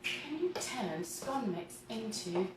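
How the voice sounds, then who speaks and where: Her voice is fairly high and animated, her pace slow, and the recording very noisy. She's a woman in her thirties running a laid-back cooking livestream indoors at home, chatting, giggling and reading comments aloud while baking, heard through a far-off camera mic in a roomy kitchen.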